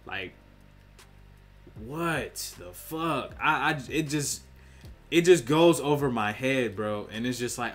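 A man's voice: medium pitch, expressive, a bit bright. A man giving a blunt, profane opinion rant full of slang, often acting out other people's lines. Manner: profane, blunt, slangy, acts out quick voices. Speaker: online commentator. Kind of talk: casual opinion rant to camera.

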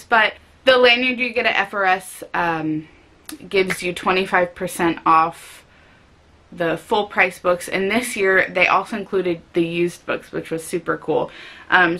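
A woman chatting casually and excitably about books she picked up, with frequent fillers. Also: medium pitch. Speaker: book vlogger. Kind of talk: casual book haul chat.

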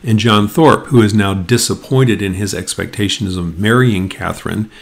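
A man giving a literature lecture, retelling the plot and reading passages aloud in a measured, explanatory way. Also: lowish voice, gravelly.

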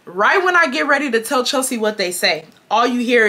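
Young woman from Houston, storytime vlog, emphatic and repetitive, fairly high voice, sharp bright tone. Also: very animated, fairly quick, hardly any pauses. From Houston, Texas. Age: 20s. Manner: emphatic, repeats herself, swears freely. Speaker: storytime vlogger. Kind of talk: casual storytelling to viewers.

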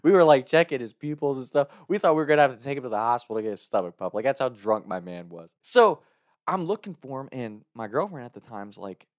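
A man's voice: medium pitch, big pitch swings, fast talker, dry recording, studio quality. A man telling a casual personal anecdote in a loose, rambling way, often laughing mid-sentence. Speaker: storyteller.

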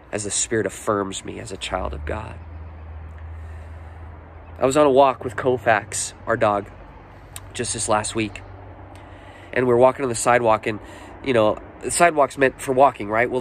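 A pastor in his forties preaching a sermon, earnest and personal, swinging between lifted, emphatic phrases and hushed, emotional ones. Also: mid-range voice, a little hiss or hum. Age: 40s.

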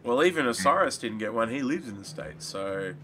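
Man, bright tense voice, rambling gaming chat, faint background hiss. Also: medium pitch, fairly quick. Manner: rambling, animated, swears casually.

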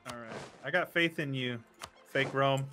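A man's voice: medium pitch, moderate pace. Casting: young male gamer, rowdy joker, noisy mic. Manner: loud joking trash talk. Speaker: player. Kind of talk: casual gaming chat. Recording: noticeable background noise.

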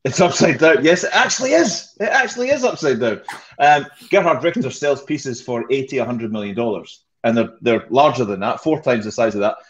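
A man's voice: mid-range voice, lively intonation, a little fast, slight background noise. Self-mocking Scottish man on a lo-fi call. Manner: jokey, self-mocking, laughs often. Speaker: panel regular on a weekly web show. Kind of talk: casual chat. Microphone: video call mic. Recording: dull lo-fi video call audio.

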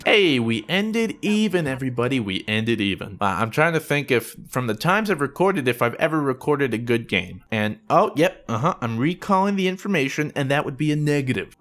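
A man giving jokey, self-mocking commentary over his own shooter gameplay, often shouting in surprise. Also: medium pitch. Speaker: gaming YouTuber.

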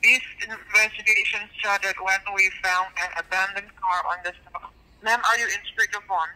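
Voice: medium pitch, steady tone, moderate pace, pushed and bright. A caller posing as a senior officer on a phone call, speaking formal, scripted and slightly broken English. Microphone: phone line.

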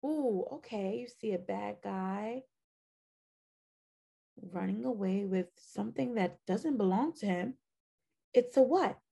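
A woman teacher leading a phonics lesson for young children, drilling sounds in a slow, sing-song way while losing her voice. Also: medium pitch, creaky, dark tone. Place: classroom video lesson.

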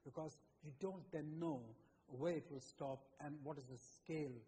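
A man's voice: a little high, steady tone, moderate pace, warm tone, slight background noise. A man, a government minister, stating his disagreement decisively on a panel. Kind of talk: panel debate remarks. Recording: long hall reverb.

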